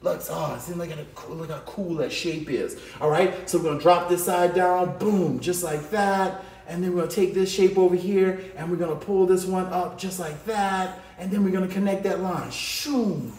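A man leads a children's drawing lesson with a bright, high-pitched voice, full of playful hype and call-outs to the kids. He drops in little sound effects as he draws. The room around him rings with echo. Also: normal speed, few pauses. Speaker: art teacher. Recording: echoey room.

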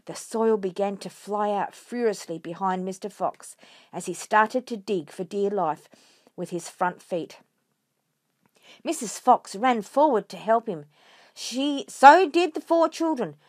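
A woman reading a children's storybook aloud, expressive and lively. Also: mid-range voice, measured pace, no room sound, studio quality.

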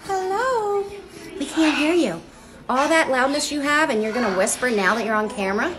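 A woman caring for parrots at a rescue, filming on her phone and talking to the birds in a high, sing-song baby voice between explanations to viewers. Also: steady tone, a little fast. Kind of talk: live-streamed feed from a bird rescue. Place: indoor bird rescue room. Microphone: phone held in hand. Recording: loud bird noise behind. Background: loud parrot squawks and chatter.

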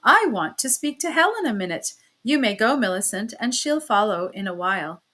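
A woman voicing a bold, scheming young noblewoman who pleads eagerly in a high, loud voice. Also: lively intonation, moderate pace.

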